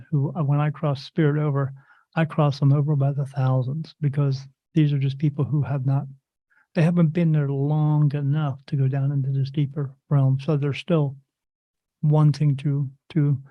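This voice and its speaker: A man's voice: on the high side, no room sound, dull audio. A man who is a guest on a podcast, chatting casually and telling stories in a rambling way, often restarting his sentences and acting out what others say. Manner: animated storyteller who acts out the voices of others in his stories. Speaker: podcast guest, spirit medium. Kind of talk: casual interview chat.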